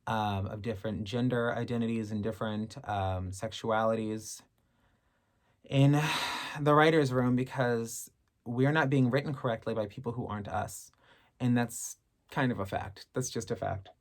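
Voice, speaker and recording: A woman's voice: very deep voice, moderate pace. A woman in her thirties chatting to camera as she answers fan questions, candid and sassy, swearing freely. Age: 30s. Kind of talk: casual chat to camera.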